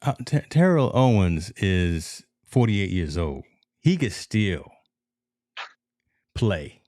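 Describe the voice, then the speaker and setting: Male sports podcast host, very low voice, dry close sound, animated storyteller. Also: slow, no echo. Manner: animated storytelling, addresses listeners as folks. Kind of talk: casual sports talk.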